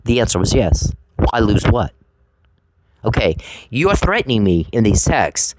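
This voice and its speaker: A woman's voice: very deep voice, sing-song, normal speed, very noisy. A woman ranting straight at an adversary in a confrontational, sarcastic, profane way, often repeating herself. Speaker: vlogger addressing an adversary. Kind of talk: angry direct-to-camera rant.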